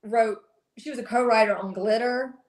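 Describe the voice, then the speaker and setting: A woman's voice: a little high, moderate pace, reverberant. A young woman from South Carolina with a heavy Southern accent, a country singer chatting as a guest in a bubbly, gushing way with frequent laughs. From South Carolina, USA. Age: young adult. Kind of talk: casual interview chat.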